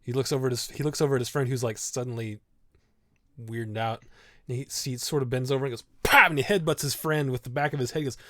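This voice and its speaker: A man's voice: mid-range voice, steady tone, quick pace, sharp tone, no room sound. A man narrating as game master of a tabletop game, casual and laughing often.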